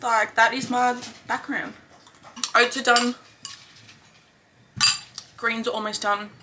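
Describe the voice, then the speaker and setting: A woman's voice: on the high side, little pitch movement, takes it slowly, background noise. A woman in her twenties with an Australian accent, chatting casually and upbeat in a vlog, full of slang and fillers. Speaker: fitness vlogger.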